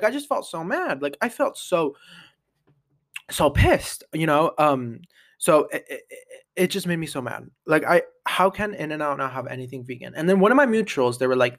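A young adult man hosts a casual solo podcast in a highish, slightly bright voice. He rambles and chats, says "like" constantly, and keeps restarting his sentences.

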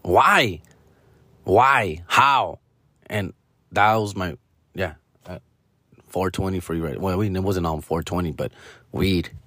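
Slow-paced with long pauses, this low-pitched man speaks in a pushed, bright voice with no room sound. Hosting his own comedy podcast, he rambles loosely through a profane story, swearing heavily and calling listeners fool and bro.

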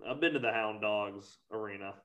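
A man's voice: lowish voice, normal speed, a bit bright. A man in casual conversation who rambles, leaning heavily on filler words. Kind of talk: casual chat.

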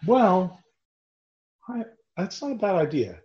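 Speaking slowly in a high-sitting voice, this podcast co-host laughs his way through crude, casual commentary on a film. He gets animated and performs the quoted lines himself, all captured in dull, roomy lo-fi audio.

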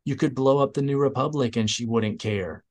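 A man's voice: medium pitch, normal speed, a little mellow, lightly acted. A man voicing a cool, cutting male Imperial major. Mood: dry.

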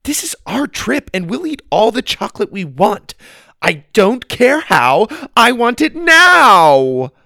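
A bossy, spoiled young girl in an audio storybook, as a male narrator puts her on. She shrills her demands in a loud, high voice that leaps around. The recording is dry and close. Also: sing-song, takes it slowly, gravelly, dry recording, full character voice. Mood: demanding.

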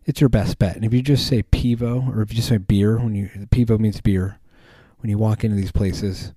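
Guy with a lowish mellow voice rambling on his podcast, lots of ums, dry sound. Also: fairly even intonation, brisk, no echo. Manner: rambling, many fillers and restarts. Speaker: podcast host. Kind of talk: casual chat.

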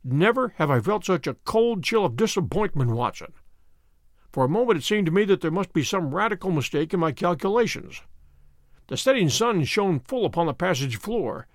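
A precise middle-aged detective narrating a radio play, gravelly, very expressive pitch. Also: male voice, no room sound, studio quality. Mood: measured. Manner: precise, measured storytelling. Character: Holmes, sharp methodical male detective narrating.

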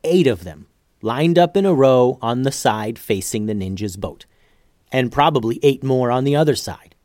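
A man's voice: mid-range voice, expressive, moderate pace, darkish tone, dry recording. Man narrating a storybook, dry sound.

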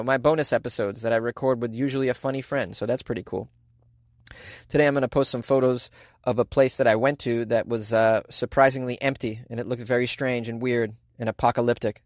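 A man's voice: mid-range voice, no room sound, studio quality. Middle-aged boston guy doing his comedy news podcast from a closet, sarcastic, no room sound at all. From Boston, USA. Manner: joking, sarcastic, ranting with laughs. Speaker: podcast host. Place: small closet.

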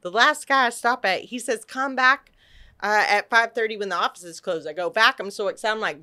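A middle-aged woman from Texas telling an animated personal story on a podcast, acting out quotes and restarting her sentences. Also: on the high side, brisk. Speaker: podcast guest. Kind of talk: casual storytelling.

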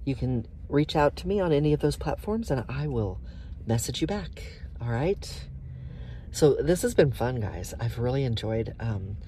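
A woman talks through her own podcast in a close, casual monologue. Her voice is soft and breathy and often sinks into whispers. She speaks slowly, with a mellow, relaxed tone and a faint hiss behind her. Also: a bass voice. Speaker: podcast host.

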